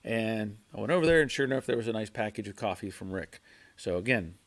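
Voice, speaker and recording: A man hosting a casual livestream from his garage, reading viewer chat and answering in a halting way, repeating words and chuckling often. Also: fairly low pitch, animated, heavy background noise. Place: home garage.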